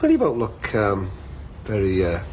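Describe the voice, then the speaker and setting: An actor playing a chatty middle-aged shopkeeper who fancies himself a comic, rambling through jokes with many fillers in a TV soap drama. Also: male voice, fairly low pitch, huge pitch swings, normal speed, darkish tone, muffled recording, slight background noise.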